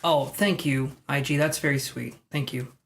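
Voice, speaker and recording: A man's voice: medium pitch, fairly even intonation, moderate pace, gravelly, fairly bright tone, a little hiss or hum. A man reading tarot cards live for viewers, chatting loosely and thinking aloud with self-mocking asides. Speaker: tarot reader.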